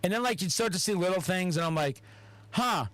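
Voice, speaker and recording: A podcast host, a man with a notably high-pitched voice, talks in a loose, animated way, swearing often and slipping into acted-out quotes. The sound is very dry, with no room around it. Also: fairly quick, dry recording, low-quality recording. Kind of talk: casual podcast chat.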